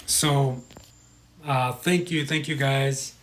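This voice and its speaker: A man's voice: medium pitch, fairly even intonation, slow pace, fairly bright tone. Chatty American man hosting a live stream. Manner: rambling, chatty, stumbles over pronunciations. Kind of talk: casual live-stream chat reading comments.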